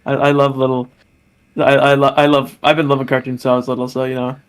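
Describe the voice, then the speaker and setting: A man's voice: medium pitch, flat delivery, fast, clean tone. A man co-hosting a casual podcast chat, giggly and rambling with stammering restarts. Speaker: podcast co-host.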